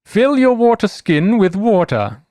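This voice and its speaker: A man running a tabletop game, reading out the rules clearly with dry asides. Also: sits high, big pitch swings, a little slow, a little mellow, no room sound, faint music behind. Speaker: game master. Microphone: podcast microphone.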